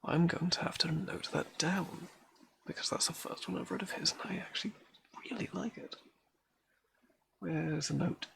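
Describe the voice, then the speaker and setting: A man reading poetry aloud on a live stream at home in a hushed, near-whispered way, chatting softly to his cat between poems. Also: on the high side, fairly even intonation, moderate pace, vocal fry, background noise. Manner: soft, hushed, often near-whispered delivery.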